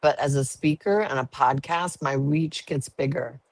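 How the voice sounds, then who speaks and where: A woman's voice: a bass voice, normal speed, no room sound. A woman guest sharing her story in an interview, earnest and emotional. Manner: earnest, emotional, laughs easily.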